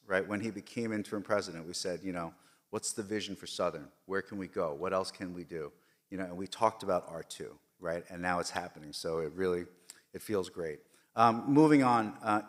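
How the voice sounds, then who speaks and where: A man giving a formal speech at a board meeting, emphatic and repetitive, with frequent fillers. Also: lowish voice. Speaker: system leader giving a report. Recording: long reverb of a large hall.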